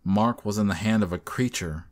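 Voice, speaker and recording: A man narrating a horror story in a measured storytelling manner. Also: lowish voice.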